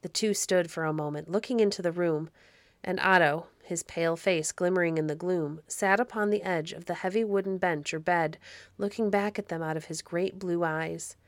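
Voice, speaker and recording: A woman narrating an old storybook in a measured, expressive reading. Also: fairly low pitch, no echo. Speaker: audiobook narrator.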